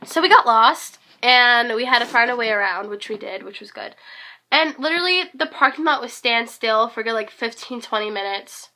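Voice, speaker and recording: A teenage girl with a hoarse voice, rambling and gushing in a casual vlog recap, full of fillers. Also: a little high, lively intonation, normal speed, sharp tone. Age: teens. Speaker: concert fan vlogger.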